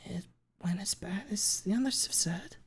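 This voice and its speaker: A man voicing a pained, bitter teenage girl on the witness stand in whispered role-play, speaking quietly with a trembling, measured manner. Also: high-pitched, pitched above the performer's own voice, exaggerated voice. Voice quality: breathy whisper.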